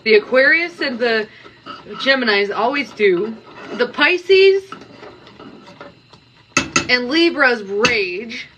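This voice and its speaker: A woman chats to her live-stream viewers while she cooks in her kitchen, teasing them and scolding them playfully. Her pitch sits a little high and swings about a lot, and she drags her words out slowly. Dishes and cutlery clatter clearly behind her. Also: lively intonation, muffled recording, noisy background. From Canada. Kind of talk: casual live-stream chat while cooking.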